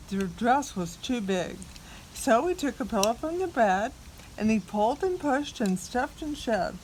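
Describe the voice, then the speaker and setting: Woman reading a kids book out loud, lively, bit high voice. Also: a little hiss or hum. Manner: expressive, prompts the child to join in. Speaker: parent reading aloud. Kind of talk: reading a picture book aloud to a toddler.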